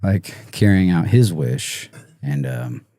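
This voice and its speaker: A man guest on a podcast interview, talking haltingly with many fillers and restarts, emotional and choked up. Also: sits low, expressive, mellow, dry recording, clean studio sound. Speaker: musician guest.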